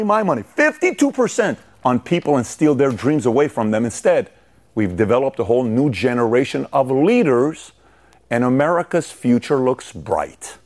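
A middle-aged man hosting a motivational commentary video, telling stories with animated emphasis. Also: mid-range voice. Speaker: host.

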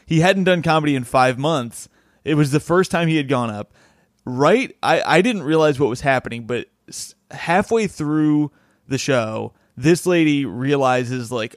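A man with a fairly high voice tells a rambling stand-up comedian's anecdote in a relaxed podcast chat. He slips into quoting the people in his story. The sound is dry and close. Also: a little slow, dry recording. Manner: rambling anecdotal telling, acting out quotes.

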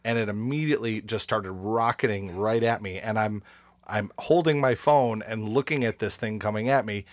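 A man's voice: on the low side, normal speed, dry recording, clean studio sound. A man co-hosting a podcast, telling a story in a casual, rambling way. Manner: rambling storyteller with frequent restarts. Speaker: podcast co-host. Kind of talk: casual chat.

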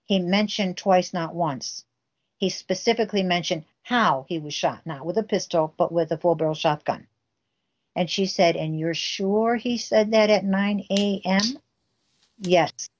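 A woman's voice: lowish voice, unhurried. Lo-fi intense woman retelling a story. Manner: intense, acts out quoted dialogue. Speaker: guest recounting a family case. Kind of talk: emotional storytelling interview.

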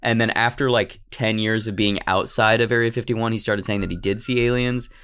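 A man's voice: on the low side, fairly even intonation, a little fast, a bit bright, smooth. A man hosting a podcast, telling a story in a casual, joking way. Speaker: podcast host. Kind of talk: comedic storytelling chat.

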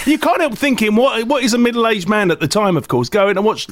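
Animated high-voiced male podcast co-host. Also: a little fast, no room sound, studio quality. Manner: animated, rambling opinions with stammered restarts. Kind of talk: casual chat.

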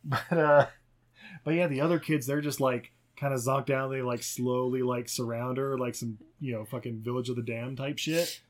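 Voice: medium pitch, steady tone, normal speed. A podcast co-host recapping a movie in casual chat, rambling and profane, often laughing and acting out characters.

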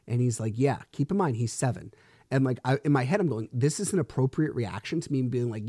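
A man's voice: mid-range voice, brisk, dark tone, no room sound, clean studio sound. A man in his thirties hosting a solo podcast, telling a story in a frustrated, rambling way with swearing and restarts. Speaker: podcast host.

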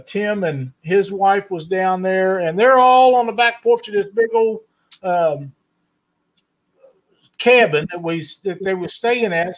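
High-voiced folksy man. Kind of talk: casual podcast chat.

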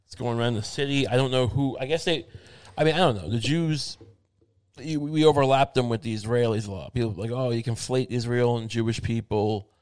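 A man's voice: medium pitch, fairly quick, darkish tone, no room sound. A man hosting his show in a meandering, wry casual monologue, thinking aloud with many restarts. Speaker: show host.

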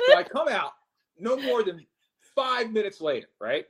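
A man's voice: sits high, sing-song, moderate pace, noisy background. A man co-hosting a radio show, animatedly telling a story and swearing freely. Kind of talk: casual radio banter, storytelling.

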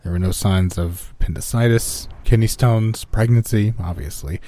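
A man reading a first-person horror story in calm, scripted narration, lifting his voice for quoted characters. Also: fairly low pitch, normal speed.

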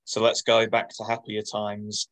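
A man leads a casual podcast chat, telling the story with a dry touch. His voice sits low. He keeps his pitch flat and steady. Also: a little slow. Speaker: podcast co-host.

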